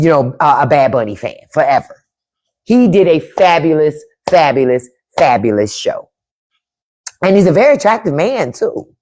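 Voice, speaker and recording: A woman hosting a live stream, giving loud opinions in casual chat, swearing freely and repeating her points while answering the chat. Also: lowish voice. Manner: profane, opinionated. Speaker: podcast host on a live stream. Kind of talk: casual livestream commentary.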